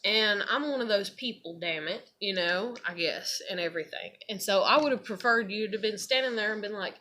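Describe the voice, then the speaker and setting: A woman's voice: medium pitch, fairly quick, bright, forceful tone. A woman telling a rambling, profane personal story in a heated rant. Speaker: vlogger.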